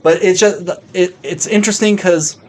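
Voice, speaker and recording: This co-host sits high in pitch with a steady tone and moderate pace. He chats casually on the podcast, rambling, packing in fillers like "like," and cursing plenty.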